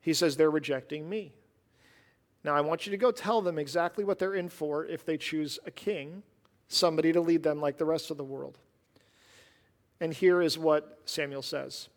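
A man's voice: on the high side, normal speed, big-room sound. A man preaching a sermon as a pastor, reading scripture with rising emphasis, then explaining it conversationally and with dry sarcasm.

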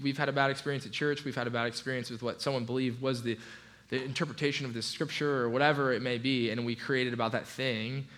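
A man preaching a sermon in a relaxed, conversational way, with frequent restarts and light asides. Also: mid-range voice. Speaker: pastor.

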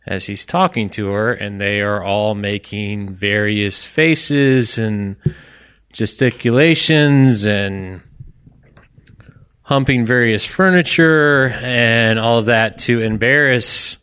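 A man's voice: lowish voice, takes it slowly, fairly bright tone, clear, resonant tone. A man from Orlando telling a personal story on stage to a live audience, chatty and self-deprecating, with apologetic asides. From Orlando, Florida. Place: live stage event in a bar venue.

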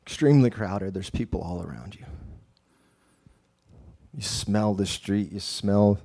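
A man leading a slow, hushed guided prayer meditation, sometimes dropping to a whisper. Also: lowish voice.

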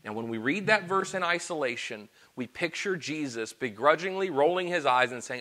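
A male preacher with a fairly high, bright and forceful voice delivers an earnest sermon. He drops into quiet, intimate confession, then builds to loud, emphatic rhetorical questions. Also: expressive, moderate pace, hardly any pauses.

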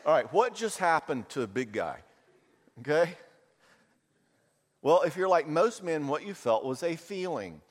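A middle-aged man preaching a sermon, animated and jokey, acting out little voices. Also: on the high side. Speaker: pastor. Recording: long hall reverb.

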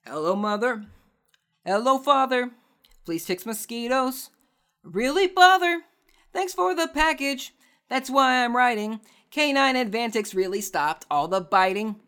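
A man voicing a puppy from a flea commercial, singing a high sing-song jingle. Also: expressive, measured pace, bright, forceful tone, clear, resonant tone, exaggerated voice.

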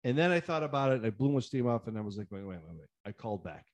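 A man in casual chat, telling a story in an animated, ranting way, acting out both sides of phone calls and climbing sharply in pitch when riled. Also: racing. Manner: acts out the other side of phone calls; repeats himself, frequent restarts.

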